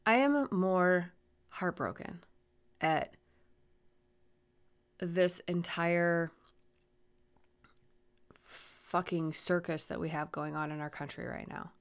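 A woman's voice: lowish voice, takes it slowly, long pauses. Rambling, cursing woman podcaster. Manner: rambling, profane, swings from flat to heated. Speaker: podcast host. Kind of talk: solo podcast rant.

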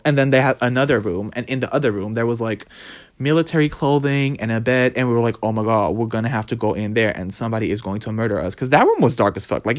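A man telling a story about his escape room trip in a casual vlog, dramatic and full of swearing. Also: fairly high pitch. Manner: animated, profane, dramatic storytelling. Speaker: vlogger.

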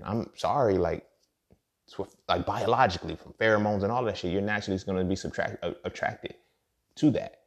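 A man hosting a podcast, talking in a blunt, profane, rambling monologue and often repeating words. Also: low voice. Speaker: podcast host. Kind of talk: casual monologue.

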